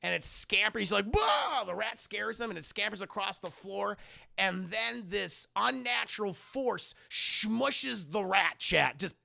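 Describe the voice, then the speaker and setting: A man recapping a TV episode on a live stream, telling it in an animated, profane, laughing way. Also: high-pitched, unhurried, vocal fry. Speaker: TV review streamer.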